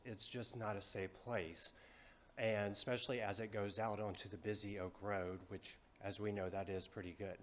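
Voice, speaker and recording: A man's voice: lowish voice, a little hiss or hum. Concerned man losing his voice. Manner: concerned, hesitant with fillers. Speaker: resident giving public comment. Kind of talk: public comment at a meeting.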